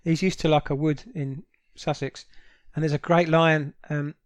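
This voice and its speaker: Brief: fairly high-pitched South London guy, talkative, swears casually, very dry mic. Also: little pitch movement, moderate pace, dry recording. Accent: South London English. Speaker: podcast co-host. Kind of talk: casual chat.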